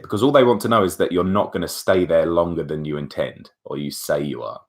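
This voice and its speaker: A young man, chatting to camera as a vlogger, retelling events in a chatty, animated way full of asides. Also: low-pitched, a little fast, hardly any pauses. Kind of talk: casual storytelling to camera.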